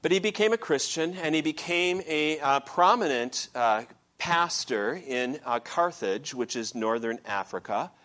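A man's voice: on the high side, animated, measured pace, fairly bright tone. Conversational male preacher. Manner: conversational preaching with fillers and check-ins. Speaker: pastor. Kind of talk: sermon.

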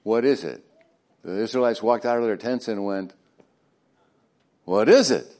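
A male pastor preaching a sermon, swinging between loud emphatic lines and hushed near-whispers, with joking asides to the congregation. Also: lowish voice, moderate pace.

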